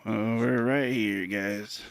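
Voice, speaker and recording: A young man breaking sports cards on a live stream, telling a story in a rambling, animated, casual way. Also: fairly low pitch, takes it slowly, no echo, soft background music.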